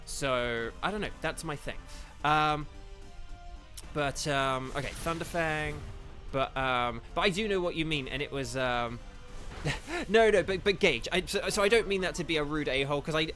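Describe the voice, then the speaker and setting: Streaming a game for his chat, the voice actor rambles casually, fixing his own words and using many fillers, with game music faint behind him. He has a fairly high, bright voice and a forceful tone.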